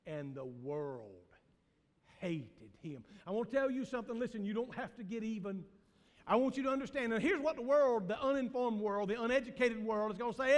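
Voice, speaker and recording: A male pastor with a Southern US accent preaches to his congregation, his voice sitting unusually high. He swings between ringing shouts and hushed, low asides. The sound carries a long reverb from the church sanctuary. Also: animated, moderate pace. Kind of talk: sermon.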